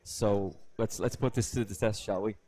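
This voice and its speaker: A man's voice: lowish voice, steady tone, moderate pace, mellow, husky. A man commentating live poker, a chatty storyteller who slips into voices.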